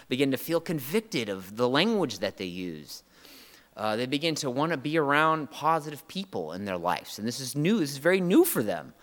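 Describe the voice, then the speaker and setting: A man's voice: mid-range voice, fairly bright tone. Earnest man preaching in a reverberant hall. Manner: earnest and emotional, with halting restarts. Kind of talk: sermon.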